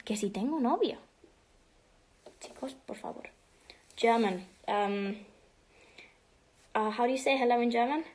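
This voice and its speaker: A woman's voice: a little high, normal speed, pauses often, a little mellow. A teenage girl casually answering fan questions on a livestream, chatty and bubbly, slipping between English and Spanish and often dropping to a whisper. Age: teens.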